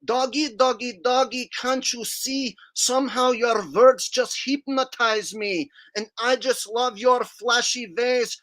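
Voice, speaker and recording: A man voicing a brash young Russian man, singing a rap story in a sing-song, shouting, melodramatic way with a Russian accent. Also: very high voice, fairly even intonation, slow pace, hardly any pauses, voice pushed up, full character voice. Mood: boastful. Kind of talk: comedic song parody.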